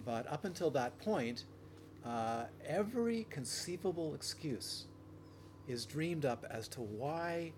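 Meditation teacher giving a dharma talk, restarts. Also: male voice, a little high, slow, slight background noise. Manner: relaxed, anecdotal, frequent restarts and playful acted quotes.

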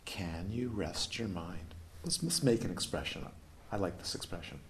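A man's voice: low-pitched, lively intonation, normal speed, slight background noise. A man giving a playful, questioning dharma talk as a meditation teacher at a retreat. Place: retreat hall.

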